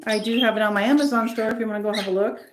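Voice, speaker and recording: A woman's voice: on the high side, fairly even intonation, rapid-fire. A woman hosting a casual pet livestream, chatting in a rambling way and cooing at her birds. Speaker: pet channel host. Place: indoor bird room. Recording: clear bird noise in the background. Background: birds chirping and squawking.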